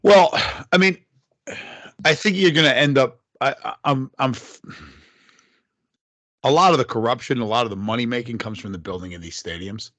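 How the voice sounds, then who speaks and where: A man's voice: medium pitch, moderate pace, fairly bright tone, no echo. A man in a casual podcast chat, hesitant and full of ums, swearing freely. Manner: hesitant, lots of ums, profane. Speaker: podcast co-host.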